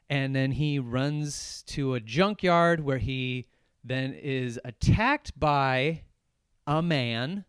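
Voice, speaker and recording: A man's voice: medium pitch, clear, resonant tone, no room sound. A young man hosting a solo podcast, reviewing a horror movie in a profane, sarcastic, rambling rant. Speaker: podcast host.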